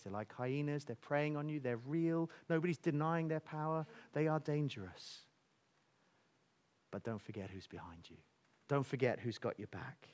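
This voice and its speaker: A man preaching a sermon, telling stories with animated energy and dropping to soft near-whispers for emphasis. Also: mid-range voice.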